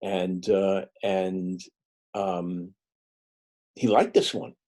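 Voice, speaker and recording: A middle-aged author giving a talk and telling stories in a relaxed, halting way, slipping into the voices of the people he quotes. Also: deep voice. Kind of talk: anecdotal storytelling talk.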